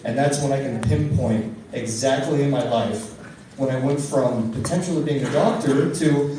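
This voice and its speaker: A young man doing a stand-up comedy set, telling stories with animated, exasperated voices for the people in them. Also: medium pitch, moderate pace, very echoey, distant mic, a little hiss or hum. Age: young adult. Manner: animated storytelling, loud exasperated character bits. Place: comedy club stage.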